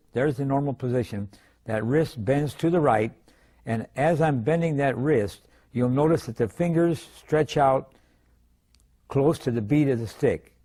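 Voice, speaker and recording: An older man giving a drum lesson, explaining stick grips in a calm, methodical way with frequent pauses. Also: mid-range voice. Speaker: drum instructor. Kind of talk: demonstrating drum technique.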